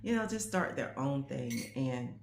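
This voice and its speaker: With an extremely low pitch and vocal fry, the grandmother sounds animated yet a little slow as she reflects on how things have changed. In her fifties, she rambles casually to camera, dropping "you know what I'm saying" asides, over slight background noise.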